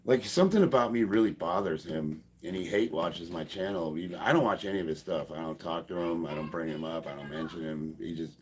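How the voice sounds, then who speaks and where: A man's voice: deep voice, brisk, hardly any pauses, darkish tone, a little hiss or hum. A man in his fifties, a powerlifter chatting casually on a live stream, sarcastic and profane, laughing often. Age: 50s.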